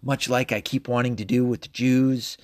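A man's voice: medium pitch, level tone, normal speed, dry recording, clean studio sound. Rambling, profane male podcast host. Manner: rambling and profane, with frequent fillers and laughs. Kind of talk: casual solo podcast monologue.

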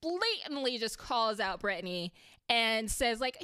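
A chatty woman recaps reality TV in a casual, heated way and swears when something annoys her. Her voice is smooth and clear. The sound is dry and close, with no room around it. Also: fairly high pitch, expressive, unhurried, bright, forceful tone, dry recording.

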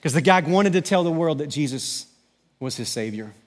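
Animated middle-aged American man preaching. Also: fairly high pitch, normal speed, in a large hall. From United States. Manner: animated storyteller, building to emphatic preaching. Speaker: pastor. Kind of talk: sermon with storytelling.

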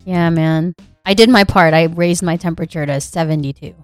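A woman's voice: fairly low pitch, a little fast, no room sound, soft background music. A woman co-hosting a casual podcast, joking and incredulous. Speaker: podcast co-host. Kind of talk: casual chat.

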